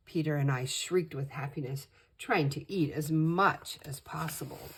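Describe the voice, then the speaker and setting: An older woman, a grandmother, reading a children's picture book aloud with expressive storytelling. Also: low-pitched, unhurried, hardly any pauses, breathy edge. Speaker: storytime reader.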